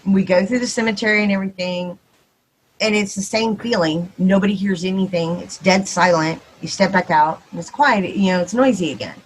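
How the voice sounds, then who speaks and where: A woman with a Texan accent, probably in her thirties or forties, telling a ghost story on a podcast, quick and animated and acting out the dialogue. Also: mid-range voice, slight background noise, rough recording. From Texas. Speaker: podcast guest. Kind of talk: casual storytelling.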